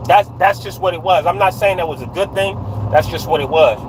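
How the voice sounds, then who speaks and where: Speaking high and a little fast over background noise, a man tells a slang-heavy story while livestreaming from his car on a dark night road. He frequently tacks on "right?" and stops to greet viewers mid-story.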